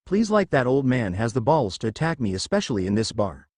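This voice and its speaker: A man's voice: medium pitch, big pitch swings, a little fast, darkish tone, dry recording, studio quality. A man voicing a brash, boastful young male fighter in a read-aloud story. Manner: boastful, teasing.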